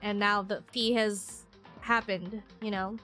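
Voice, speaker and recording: A woman's voice: medium pitch, level tone, slow, sharp tone, faint music behind. A woman streamer in casual live-stream chat, rambling and chatty with lots of fillers and frequent laughs.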